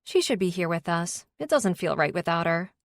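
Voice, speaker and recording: A woman's voice: fairly low pitch, big pitch swings, normal speed, vocal fry, no echo. A woman narrator voicing a chatty, bossy young woman among friends in an audiobook.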